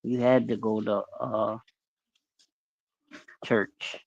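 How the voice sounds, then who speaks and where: A person in their forties reminiscing in a relaxed, casual group chat. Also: medium pitch, extremely slow, gravelly. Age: 40s. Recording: dull lo-fi sound.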